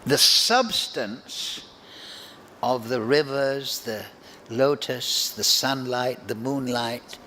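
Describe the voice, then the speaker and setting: A man giving a devotional scripture class, speaking in a slow, deliberate and reflective way. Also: medium pitch, sharp tone, slight background noise. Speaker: spiritual teacher.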